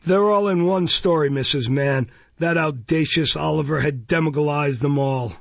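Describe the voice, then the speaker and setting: A man voicing a pompous, bullying parish beadle who speaks loudly and imperiously, his voice raised well above his own. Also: fairly high pitch, unhurried, vocal fry, husky, dry recording, pitched above the performer's own voice, heavily acted. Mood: blustering. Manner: blustering, loud and imperious. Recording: dull, dry lo-fi recording.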